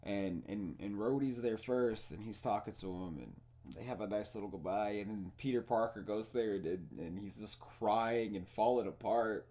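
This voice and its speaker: A young man hosting a casual podcast, excitedly retelling movie scenes, swearing freely and restarting his sentences. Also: lowish voice, moderate pace. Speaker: podcast host. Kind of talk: casual spoiler chat.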